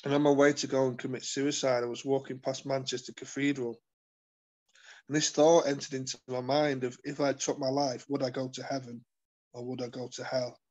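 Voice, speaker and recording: A man telling his life story as an interview guest, earnest and halting, with many fillers and restarts. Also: medium pitch, flat delivery, a little mellow, muffled recording. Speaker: guest sharing his testimony. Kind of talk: personal testimony in conversation.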